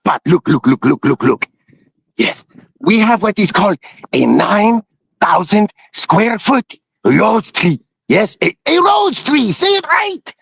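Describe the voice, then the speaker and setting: A man's voice: high voice, big pitch swings, slow pace, creaky, fairly bright tone, breathy edge, no echo, pitched above the performer's own voice, heavily acted. A man voicing a flirty, silly male turtle acting as a tour guide, squealing and repeating himself. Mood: goofy. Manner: squealing, repeats words, goofy.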